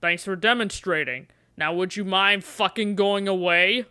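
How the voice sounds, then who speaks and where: A woman's voice: medium pitch, a little slow, bright, forceful tone, smooth, voice pushed down. A woman doing a snarky gamebook voice. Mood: mocking. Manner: mocking, sarcastic.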